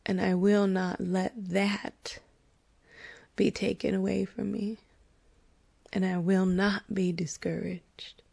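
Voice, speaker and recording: A woman in her forties talks into her podcast mic in a confessional monologue. She speaks slowly and deliberately, and her voice carries a gravelly fry. She is earnest and candid, frank and a little profane, and she laughs easily. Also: mid-range voice, little pitch movement, a little mellow. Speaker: podcast host.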